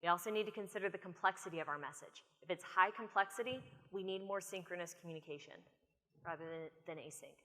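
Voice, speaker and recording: An American woman speaker giving an animated, storytelling conference talk from a stage. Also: on the low side, quick pace. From United States. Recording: long reverb of a conference hall.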